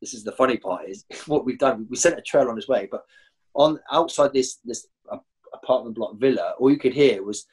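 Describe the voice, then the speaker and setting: A man, a former professional footballer, telling rowdy stories as a guest and jumping high in pitch when he acts out other people. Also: fairly quick, slightly rough. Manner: animated, jumps high when acting out others. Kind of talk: anecdotal storytelling.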